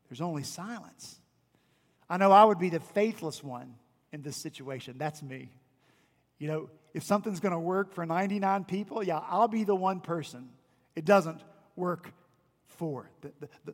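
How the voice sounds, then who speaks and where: Preaching in the large hall of a church sanctuary, a senior pastor whose voice sits high delivers a sermon in an emphatic, repetitive cadence. He keeps asking his congregation rhetorical questions.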